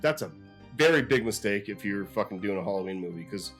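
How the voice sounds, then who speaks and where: A man's voice: lowish voice, lively intonation, a little fast, fairly bright tone, soft background music. A man co-hosting a casual film discussion, who talks bluntly and rants with lots of swearing. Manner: blunt, profane, ranting. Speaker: podcast co-host.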